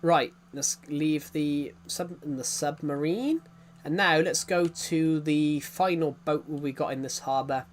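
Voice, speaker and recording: A man's voice: a little high, unhurried, a little hiss or hum. A young British man streaming a game, giving a rambling casual tour with lots of fillers and restarts. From Britain.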